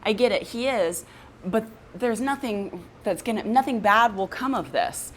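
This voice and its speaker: A woman dog trainer in an instructional vlog, explaining calmly and plainly, and breaking into a high, gushing voice when she praises her dog. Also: a little slow, a little hiss or hum.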